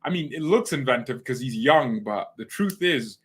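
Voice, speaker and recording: A young man hosting a fan channel reacts to football results, rambling casually, using slang, and jumping between topics. His mid-range voice is animated, a bit bright, and slightly breathy, and he talks at a moderate pace.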